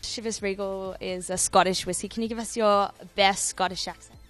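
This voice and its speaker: A woman's voice: mid-range voice, steady tone, moderate pace, fairly bright tone, soft background music. A woman interviewer asking upbeat, teasing questions.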